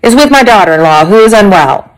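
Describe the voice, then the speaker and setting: A woman's voice: mid-range voice, animated, fast talker, lightly acted, rough recording. Brief: bossy old granny, voiced by a female reader, lilting and lofty. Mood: imperious. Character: stern, commanding old grandmother.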